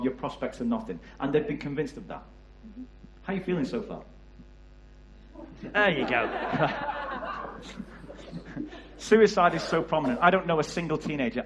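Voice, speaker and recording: A man's voice: medium pitch, slight background noise. Passionate Liverpool-accented man in an echoey church. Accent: Liverpool area English. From England. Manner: passionate, asks the audience questions. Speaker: church youth worker. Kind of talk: church talk to a congregation. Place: church hall.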